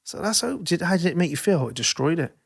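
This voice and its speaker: A man's voice: a little high, lively intonation, fast talker, gravelly, husky. A man in casual podcast chat, reflective, swearing casually and quoting what people say. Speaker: podcast host.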